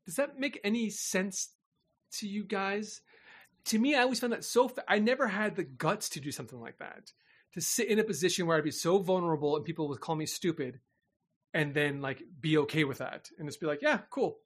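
Guy chatting, kinda high voice, animated storytelling, swears casually. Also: a little fast, husky.

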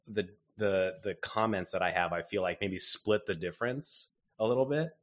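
A man's voice: low voice, normal speed. A man in casual chat, talking hesitantly with restarts. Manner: hesitant, many fillers and restarts.

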